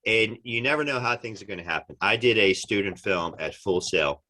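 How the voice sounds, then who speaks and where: Man, deep voice, forceful delivery, animated storyteller, podcast guest chat. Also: fairly quick. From United States. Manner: animated storyteller, acts out quotes. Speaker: actor guest. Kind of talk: casual interview chat.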